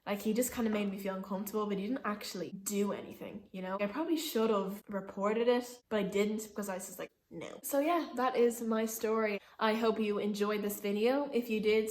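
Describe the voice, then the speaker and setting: A woman's voice: mid-range voice, fairly even intonation, brisk, reverberant, slight background noise. Chatty young woman telling a story. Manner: chatty, leans on "like" a lot. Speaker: vlogger. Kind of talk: casual storytime.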